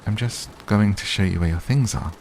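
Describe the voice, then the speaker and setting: A man voicing a playful, teasing young woman in a soft, slow, whispered role-play reading. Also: on the low side, slight background noise, voice pushed up, close to an everyday voice. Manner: soft, slow, barely acted.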